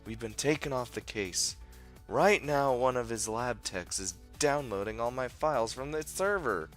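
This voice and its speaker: A man voicing a calm woman scientist in a fan dub, low-key and matter-of-fact. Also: moderate pace, soft background music, natural voice. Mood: grim.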